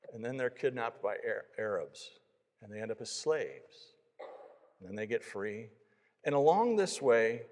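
A man preaching a sermon, telling a story and then pleading with his listeners. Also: medium pitch. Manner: storytelling, rising to pleading appeals. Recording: long hall reverb.

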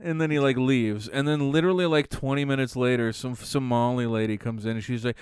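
A young man co-hosting a casual chat, laughing often while telling quick stories. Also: mid-range voice, a little mellow, clean tone, no echo, clean studio sound. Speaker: podcast co-host.

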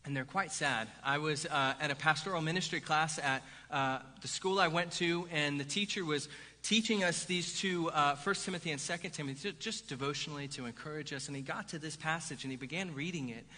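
A pastor preaching a sermon in a lively, conversational way, with "right?" asides to the congregation. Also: male voice, fairly high pitch, fairly quick. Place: church sanctuary. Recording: hall reverb.

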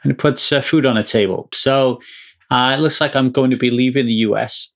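A middle-aged man from the United Kingdom hosts his own podcast in a loose solo monologue. He speaks at a mid pitch with emphatic energy, and he often restarts his sentences and fills the gaps with fillers. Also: fairly quick, fairly bright tone. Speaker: podcast host and coach.

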